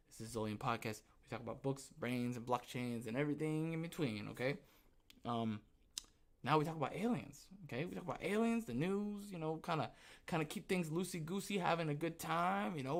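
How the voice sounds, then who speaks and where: A man hosting a livestreamed podcast, talking casually and rambling, often laughing and tagging his sentences with "okay?". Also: medium pitch. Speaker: podcast host.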